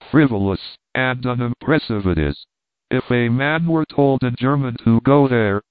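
A man giving a scripted narration of a humorous essay in a steady, measured reading style. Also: medium pitch, no echo. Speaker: audiobook reader. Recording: dry, phone-like narrow band.

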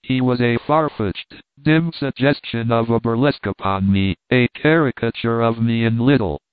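A man reads a story aloud, steady and deliberate, in a smooth, resonant voice. The sound is dry and squeezed into a tinny, phone-like band. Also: medium pitch, no room sound. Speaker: narrator. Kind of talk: audiobook reading.

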